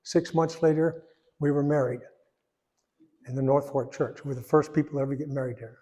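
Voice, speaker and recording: A man in his eighties giving a personal testimony in church, rambling and folksy, pausing when emotional. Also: medium pitch, fairly even intonation, warm tone. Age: 80s. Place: church sanctuary. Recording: echoey church hall.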